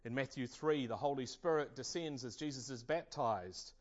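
Male preacher, earnest and measured, mid-range voice, slightly muffled lo-fi sound. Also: mid-range voice. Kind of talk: sermon. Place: church service.

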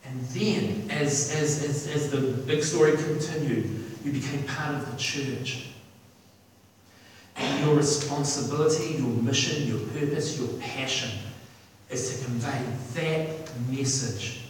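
A man's voice: medium pitch, takes it slowly, slight background noise. A man preaching a sermon with enthusiasm, repeating words and restarting phrases often. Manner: enthusiastic, repetitive, lots of restarts and fillers. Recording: echoey hall from far off with faint ambience.

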